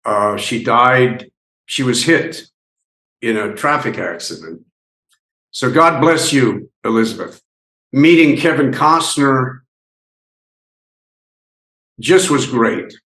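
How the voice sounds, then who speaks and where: Slow-talking older man in an echoey room. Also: mid-range voice, lively intonation, gravelly, fairly bright tone. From United States. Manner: rambling, halting storytelling with many restarts. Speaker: actor interviewee. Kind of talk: reminiscing interview.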